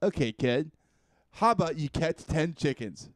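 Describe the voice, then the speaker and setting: A man putting on a loud drunk old kung fu master. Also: fairly high pitch, lively intonation, measured pace, no room sound, clean studio sound. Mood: patronizing. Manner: loud, patronizing, calls the player kid.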